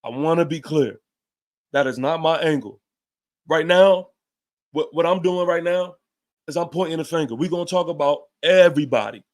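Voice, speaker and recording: A man's voice: a little high, fairly quick, a little mellow. A man hosting a fan show, giving a heated, emphatic post-game rant with casual swearing and repeated points.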